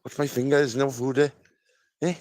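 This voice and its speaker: A man's voice: mid-range voice, moderate pace, dry recording. A man vlogging outdoors in the countryside, who swears freely and coos at animals in a sing-song voice. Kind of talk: casual walking vlog. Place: countryside lane and farm, outdoors.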